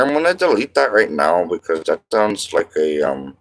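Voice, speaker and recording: A man's voice: low voice, very animated, moderate pace. A man in his thirties from French Canada, chatting casually on a livestream, rambling and reading viewer comments aloud. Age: 30s. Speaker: livestream host.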